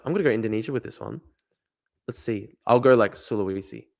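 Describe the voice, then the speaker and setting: A young Australian man streaming live, thinking out loud as he plays a guessing game, swearing often and talking to his chat. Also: medium pitch, fast talker. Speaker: livestreamer. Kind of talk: casual live-stream commentary.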